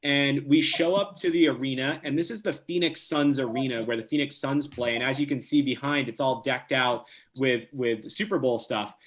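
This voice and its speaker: A young man from New Jersey, a podcast guest telling a casual story with lively, quick restarts. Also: medium pitch. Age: young adult.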